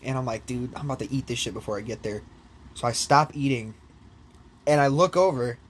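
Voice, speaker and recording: A young man in casual chat, telling a long story in an animated way with lots of swearing and laughter. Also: medium pitch, brisk. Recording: faint background noise.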